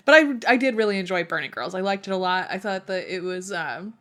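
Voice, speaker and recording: Co-hosting a podcast, a young woman chats loosely about books, laughing often, saying "like" constantly, and swearing a little. Her voice is lowish and a bit bright, and she talks quickly.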